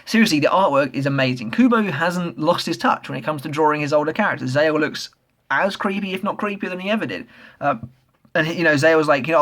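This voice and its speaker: An excitable man talks through a comic chapter in a casual review. His voice sits a little higher than most men's, and he swears freely while filling his pauses with ums. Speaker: manga reviewer.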